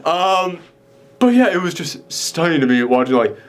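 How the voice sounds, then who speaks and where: A man's voice: on the high side, expressive, normal speed. A man hosting a casual film reaction chat, ranting and rambling with lots of fillers, acting out quoted lines in mock voices. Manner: rambling with many fillers and restarts. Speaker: podcast host reviewing a film.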